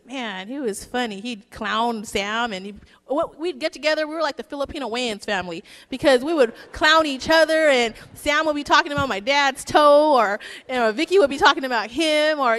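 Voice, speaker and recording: Chatty high-voiced woman in a reverberant church. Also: fairly bright tone. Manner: chatty, joking storyteller. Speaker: daughter giving a eulogy. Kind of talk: casual eulogy at a funeral service. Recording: long reverb in a church hall.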